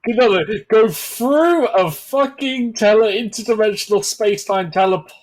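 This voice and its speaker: Wry co-host, quick jabs. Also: mid-range voice, low-quality recording. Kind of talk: casual podcast chat.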